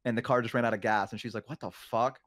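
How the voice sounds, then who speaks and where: A man's voice: mid-range voice, steady tone, fast talker, a bit bright, dry recording, studio quality. A young man chatting casually and telling stories, rambling with lots of fillers. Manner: rambling, many fillers and restarts. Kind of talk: casual chat, storytelling.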